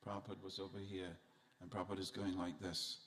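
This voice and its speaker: A man's voice: low-pitched, completely flat delivery, fast talker, a bit bright. A man giving a festival sermon in a temple hall, telling humorous stories and speaking straight to his audience. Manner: humorous storytelling, addresses the audience directly.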